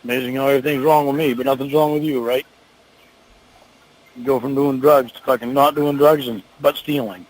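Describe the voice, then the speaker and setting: A man's voice: medium pitch, steady tone, fairly quick, poor audio. A man in a heated phone argument, defensive and accusing, swearing often. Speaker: caller on a prank three-way call.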